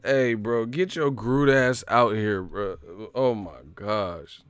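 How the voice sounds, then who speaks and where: A man's voice: mid-range voice, takes it slowly, smooth. A man, a boxing vlogger, giving casual, joking commentary full of slang and profanity.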